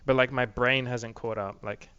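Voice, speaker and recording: A young man talks straight into his camera in a loose, rambling video diary, swearing freely and leaning on "like" as a filler. His voice is bright and forceful, and the close, dry recording sounds a little dull and lo-fi. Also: mid-range voice, fairly even intonation, normal speed, clean tone, no room sound. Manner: rambling, profane, many "like" fillers. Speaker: vlogger. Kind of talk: casual video diary rant.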